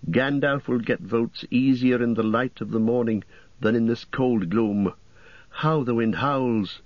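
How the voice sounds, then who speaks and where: A man voicing a weary young hobbit who speaks quietly and hesitantly. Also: medium pitch, a little slow, dry recording, dull audio, natural voice.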